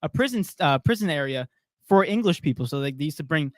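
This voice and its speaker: A man's voice: on the high side, expressive, fast, no echo, clean studio sound. A young man co-hosting a casual sports podcast, joking and reading viewer comments aloud. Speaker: podcast co-host.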